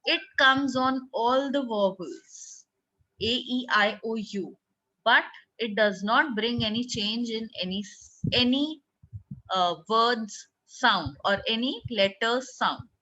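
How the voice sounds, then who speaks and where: A woman with an Indian English accent teaching a French class online, explaining slowly and quizzing her pupils. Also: on the high side, pushed and bright, highs cut off. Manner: slow, explanatory, asks the class questions.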